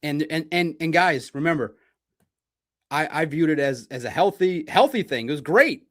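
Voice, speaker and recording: A man's voice: on the high side, animated, moderate pace, fairly bright tone. A man from Detroit hosting a livestream sports podcast, talking in a blunt, combative and profane way. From Detroit, United States.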